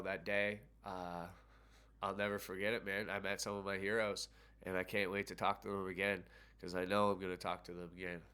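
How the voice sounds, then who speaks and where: A young man casually telling a personal story on his vlog, excited and swearing often. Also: on the low side, smooth.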